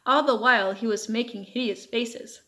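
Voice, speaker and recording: A woman reading a children's novel aloud as audiobook narration, steady and measured. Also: fairly high pitch. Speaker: audiobook reader.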